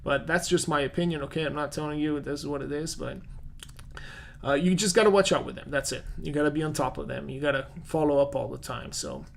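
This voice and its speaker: A man's voice: a little high, quick pace, creaky, slight background noise. A man with a non-native English accent, a real estate agent hosting a casual live-stream Q&A, chatty and full of fillers as he answers viewer comments.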